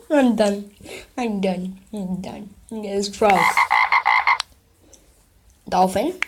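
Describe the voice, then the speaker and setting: A woman's voice: medium pitch, animated, very slow, long pauses, background noise. A woman vlogger in casual chat, playing sound effects from an app and reacting with giggly, playful commentary.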